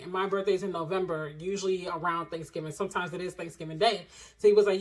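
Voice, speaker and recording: A young adult woman in a casual storytime chat to camera at home, chatty and animated, acting out quotes in different voices. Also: on the low side, quick pace. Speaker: vlogger. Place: home, indoors.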